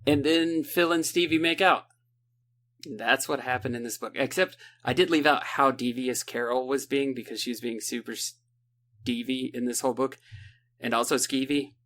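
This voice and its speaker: A man in casual podcast chat, recapping a book in a rambling, sarcastic way and mimicking the characters in quick asides, with a lilt. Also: medium pitch, fairly even intonation, a bit bright. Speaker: podcast co-host.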